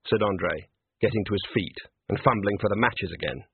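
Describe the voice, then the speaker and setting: A man reading a novel aloud in measured, suspenseful narration. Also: lowish voice, animated, gravelly, breathy edge, no room sound. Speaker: audiobook narrator. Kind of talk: scripted narration. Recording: dry, tinny phone-like audio.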